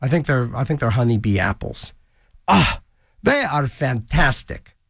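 A man's voice: medium pitch, very animated, a little slow, vocal fry, a bit bright, no echo. A man hosting a college radio show from a small studio, rambling through silly, joking asides between songs. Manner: goofy, rambling, jokey asides and silly voices. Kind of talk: casual DJ banter. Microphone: studio microphone.

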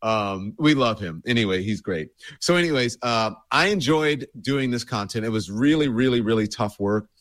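A man's voice: medium pitch, lively intonation, moderate pace, hardly any pauses, fairly bright tone, dry recording. A man with a scratchy throat from a cold, hosting a show and talking casually to his audience in a loose, rambling way with many fillers. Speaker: show host. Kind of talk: casual address to a livestream audience.

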